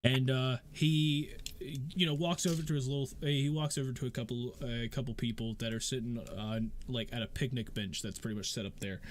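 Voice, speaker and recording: A man's voice: mid-range voice, steady tone, fairly quick, few pauses, a little hiss or hum. A man narrating as game master of a tabletop game, rambling with many fillers.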